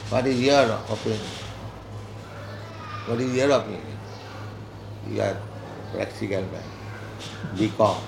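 A man's voice: mid-range voice, gravelly, roomy sound, noisy background. A man, a spiritual teacher giving an informal philosophical talk, chanting verses and scolding bluntly and emphatically.

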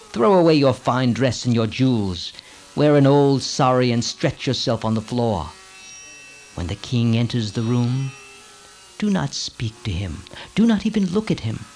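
A scheming woman servant from an old storybook tale, full of insistent, commanding urgency as she presses her mistress, with a man reading her lines. The voice sits at an ordinary middle pitch, with faint music underneath. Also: a little mellow.

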